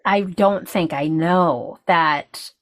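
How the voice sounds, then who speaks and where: Animated woman telling a story. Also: fairly low pitch, drawn-out words. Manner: animated storyteller, many restarts. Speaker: podcast guest. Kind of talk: casual chat.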